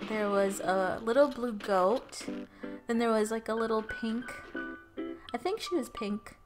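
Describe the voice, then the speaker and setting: A woman's voice: a little high, measured pace. A young woman giving casual commentary over her gameplay footage, rambling and giggling as she loses her train of thought, at home. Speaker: let's play gamer. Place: at home with her cat on her lap. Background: game music.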